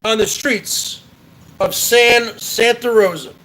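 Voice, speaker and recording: A man's voice: extremely high pitch, slow pace, bright, forceful tone, rough recording. A man hosting a livestream, delivering an angry, profane and sarcastic rant at another streamer. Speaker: host. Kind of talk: ranting livestream commentary.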